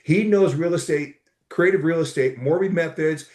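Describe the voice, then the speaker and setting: A middle-aged man talks in a slightly high voice, eager and rambling, doubling back on his words as he tells stories. His voice rings around an echoey room. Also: moderate pace, a little mellow. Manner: enthusiastic, rambling with restarts. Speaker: podcast guest, entrepreneur. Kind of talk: casual storytelling chat.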